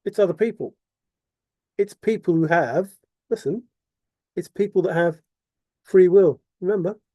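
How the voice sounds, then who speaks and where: Man, fairly high-pitched but very dark tone, dry close sound, insistent repetitive monologue. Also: a little slow, no echo, lo-fi sound. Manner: repetitive, insistent, rhetorical questions. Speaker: vlogger. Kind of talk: impassioned monologue to camera.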